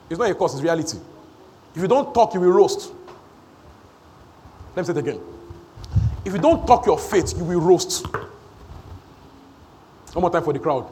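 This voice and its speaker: A man preaching a sermon in church. He repeats phrases for emphasis and swings between shouting and hushed asides. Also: sits high, expressive, moderate pace, long pauses. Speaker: pastor.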